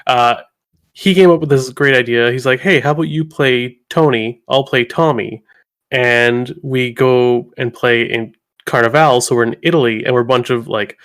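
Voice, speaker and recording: A man's voice: mid-range voice, fairly bright tone, smooth. A man co-hosting a podcast, telling things in a rambling, laughing way with many fillers. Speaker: podcast co-host. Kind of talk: casual chat.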